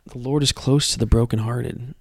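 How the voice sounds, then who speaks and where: Earnest young male podcaster, gravelly, dry close sound, halting testimony. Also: mid-range voice, steady tone, dry recording. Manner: earnest, halting, repeats words. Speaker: podcast host. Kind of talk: personal testimony.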